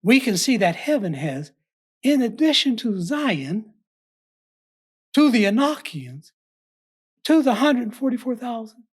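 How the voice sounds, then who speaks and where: A woman delivering a scripted Bible study sermon in a measured, emphatic, formal way. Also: a little high, slightly rough. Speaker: preacher.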